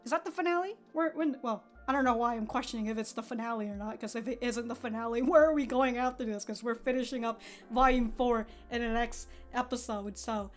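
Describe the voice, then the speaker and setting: A woman giving casual, excitable commentary on an anime episode, swearing and laughing freely. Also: a little high, a little fast, faint music behind.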